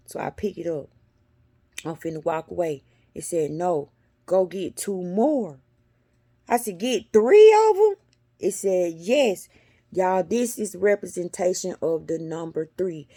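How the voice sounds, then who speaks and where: A middle-aged woman telling a spiritual story to her viewers in a blunt, animated way, cussing freely and sometimes dropping into a whisper. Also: lowish voice, gravelly, dry recording. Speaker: spiritual vlogger.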